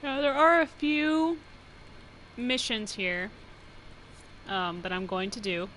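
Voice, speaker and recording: A young woman from New Mexico talks her way through a game stream in a loose, rambling way, laughing often and leaning on "like." Her voice is bright and forward. A faint hiss sits under her voice. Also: a little high, steady tone, slow pace, low-quality recording. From New Mexico, USA. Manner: chatty, rambling, laughs often, says "like" a lot. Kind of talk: casual live-stream commentary.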